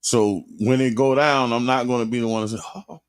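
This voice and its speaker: A man's voice: medium pitch, steady tone, a little fast, smooth. A man co-hosting a casual radio talk show, speaking emphatically, repeating himself and laughing. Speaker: co-host. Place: radio studio.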